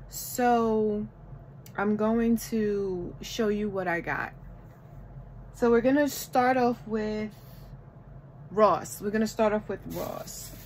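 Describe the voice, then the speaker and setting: A woman vlogging a shopping haul from home in casual chat, gushing and excitable over each item. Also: medium pitch, slight background noise, poor audio. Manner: gushing, excitable, repeats "oh my goodness".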